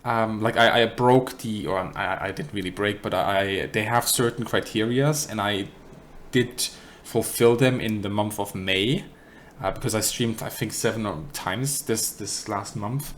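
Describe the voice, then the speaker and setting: A man's voice: lowish voice, unhurried, a bit bright, a little hiss or hum. A man with a German accent casually answering chat questions on a live stream, rambling and correcting himself with dry humour. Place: apartment.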